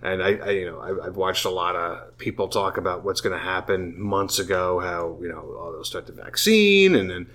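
Very low-voiced man, drunk-rambling casual talker, swears a lot. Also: lively intonation, moderate pace, hardly any pauses, a bit bright. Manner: profane, tipsy and rambling. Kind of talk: casual chat.

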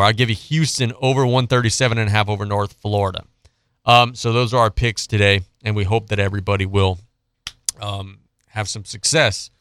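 A sports radio host with a medium-pitched, pushed and bright voice rants bluntly and sarcastically about a football team, then reads out betting picks. The recording is dry, with clean studio sound and a clean tone.

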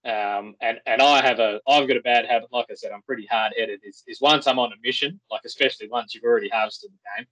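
Man, Australian accent, podcast guest, casual storytelling, rambling, mid pitch. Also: quick pace, few pauses, low-quality recording. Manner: rambling, animated anecdote-telling with restarts.

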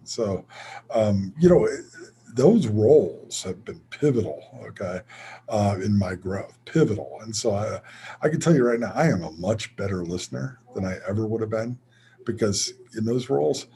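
A man's voice: lowish voice, dark tone, a little hiss or hum. A middle-aged man, a college president, speaking candidly in an interview and telling stories with a self-deprecating humor. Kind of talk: interview conversation.

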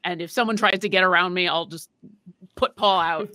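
A woman playing in a tabletop horror game, asking careful, deliberate questions. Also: on the low side, pushed and bright. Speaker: player.

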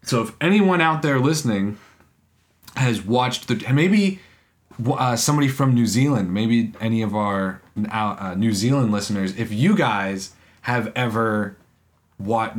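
A man co-hosting a podcast in casual chat, rambling and halting, often breaking into laughs. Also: mid-range voice. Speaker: podcast co-host.

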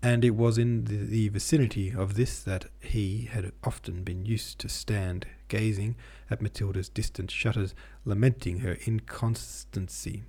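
Male host-narrator for a classic novel, measured delivery, low and warm. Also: steady tone, husky. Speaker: podcast host and reader. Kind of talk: audiobook reading of a classic novel.

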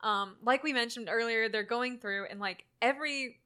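A woman co-hosting a casual movie podcast, retelling scenes with lively acted-out quotes and bursts of laughter. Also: a little high, moderate pace, smooth. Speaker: podcast co-host.

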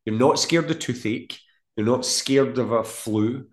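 A man's voice: mid-range voice, unhurried. A middle-aged man, speaking as a podcast guest. He talks earnestly and explains with everyday comparisons. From Scotland. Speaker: guest, mental health practitioner. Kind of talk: casual podcast conversation. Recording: echoey room.

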